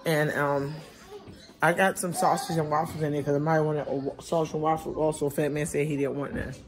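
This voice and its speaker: A woman's voice: low-pitched, level tone, fairly quick, crowd noise. A woman in her forties chatting casually to her viewers at home and in the car. She rambles, talks straight to camera, and cannot open her mouth fully after tooth extractions. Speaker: vlogger and mother. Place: at home, later in a parked car.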